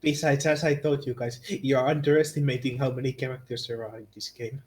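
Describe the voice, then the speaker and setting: A man's voice: mid-range voice, little pitch movement, a little fast, faint music behind. A man chatting casually with friends, teasing playfully and giggling. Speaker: streamer voicing a game.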